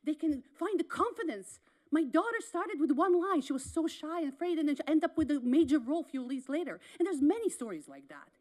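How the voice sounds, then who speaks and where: A woman pleads with a city committee from the podium, her high voice leaping up and down with feeling. She repeats herself and stumbles into restarts as she presses her case. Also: big pitch swings, a little mellow. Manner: pleading, repetitive, halting restarts. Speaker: parent speaking in public comment. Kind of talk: impassioned public comment at a city meeting. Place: council chamber at a podium.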